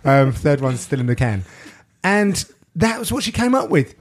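A man hosting a podcast, telling stories in casual chat with animated, sweary delivery. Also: fairly high pitch, normal speed, a little hiss or hum. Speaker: podcast host and sports commentator.

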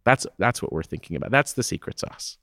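Deep-voiced man in a dry podcast interview. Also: lively intonation, fairly quick, pushed and bright, dry recording. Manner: emphatic, keeps asking "right?" to drive points home. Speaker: theater owner and festival director guest. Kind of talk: conversational interview. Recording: dry close-mic podcast sound.

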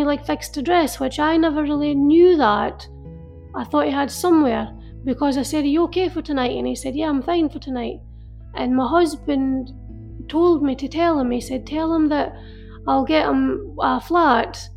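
A woman telling an emotional personal story in an earnest, halting way, often repeating herself. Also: high-pitched, vocal fry. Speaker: interviewee. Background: soft music.

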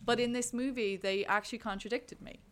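Chatty woman, lively storyteller. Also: on the high side, brisk, a little hiss or hum. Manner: animated, acts out her own thoughts in quotes, lots of fillers. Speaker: podcast co-host. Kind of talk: casual chat about a movie.

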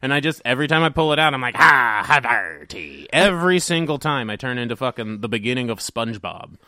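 A man hosting a podcast, joking loudly with friends, laughing and swearing often. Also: medium pitch, fairly even intonation, fast, clear, resonant tone, no room sound, clean studio sound. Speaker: podcast host. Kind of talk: casual banter among friends.

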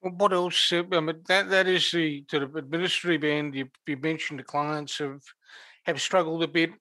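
Guy host, wry jokes, kinda high bright voice, dead dry sound. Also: steady tone, moderate pace, dry recording. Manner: wry, joking asides. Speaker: podcast host. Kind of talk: interview chat.

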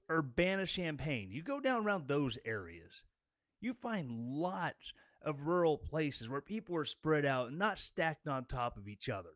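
A man's voice: a little high, no echo, clean studio sound. A man giving an angry, sarcastic political rant as a commentator. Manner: sarcastic and combative.

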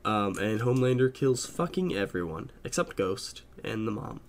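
A man's voice: on the low side, expressive, moderate pace, noisy background. A man co-hosting a podcast in casual chat, rambling with many fillers and swears. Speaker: podcast co-host.

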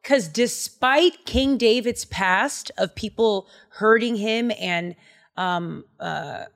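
A woman co-hosting a casual podcast, retelling a Bible story in slangy everyday speech. She is animated and acts out the characters' lines as she talks. Her voice sits at a middle pitch. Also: slow pace, creaky. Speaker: podcast co-host.

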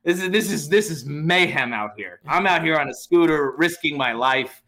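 A man, a comedian, telling a story in casual chat, animated and swearing freely. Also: a little high, moderate pace. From United States. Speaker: comedian guest.

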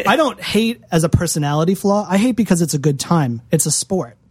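A man's voice: sits high, expressive, fairly quick, a little mellow, slightly rough, no echo. A man from Massachusetts talking as a podcast guest, profane, sardonic and rambling. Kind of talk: casual podcast interview.

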